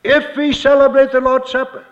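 A man preaching a sermon as a minister, slow and emphatic, repeating his key phrases. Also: very high-pitched, completely flat delivery, highs cut off.

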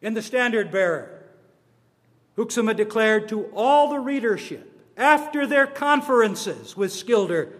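A man giving a formal address on church history, slow and deliberate, stressing his words one by one. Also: sits high, fairly bright tone. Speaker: church speaker on denominational history. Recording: long reverb of a large hall.

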